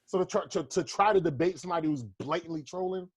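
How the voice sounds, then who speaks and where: A man's voice: fairly high pitch, fast talker, breathy edge, muffled recording. A man comedian co-hosting a podcast in casual, profane banter, rambling and slipping into mocking voices for his bits. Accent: American.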